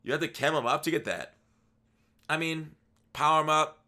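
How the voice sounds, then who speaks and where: Bright-voiced tired man talking games. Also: on the high side, normal speed. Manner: rambling, with frequent restarts and asides. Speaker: video game commentator. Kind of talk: casual commentary over gameplay.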